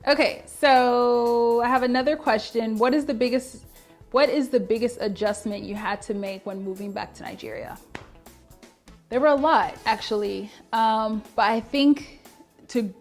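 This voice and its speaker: A woman's voice: fairly high pitch, measured pace, faint music behind. A young woman answering viewer questions in a casual vlog, chatty with frequent laughs and fillers.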